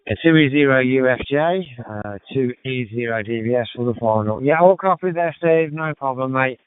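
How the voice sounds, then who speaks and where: A man with a Birmingham accent chatting relaxed on a ham radio net, with many fillers. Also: mid-range voice, normal speed, clear, resonant tone. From England. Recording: tinny radio transmission, dry.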